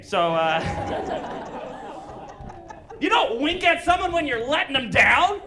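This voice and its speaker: A man doing a stand-up comedy set on stage, animated and breaking into shouted punchlines. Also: very high voice, a little slow, pauses often, noisy background. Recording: live show with audience laughter. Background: crowd laughing.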